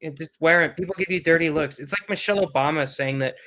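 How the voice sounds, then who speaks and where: A man's voice: a little high, fast talker, bright, forceful tone. A man co-hosting a casual podcast, blunt and profane, reading out comments and reacting. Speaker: podcast co-host. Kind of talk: casual chat.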